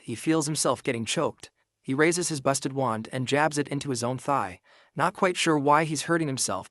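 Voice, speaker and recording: A man's voice: mid-range voice, a bit bright, dry recording, clean studio sound. Casual man narrating a comic recap. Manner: brisk, casual storytelling with slangy asides. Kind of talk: scripted narration.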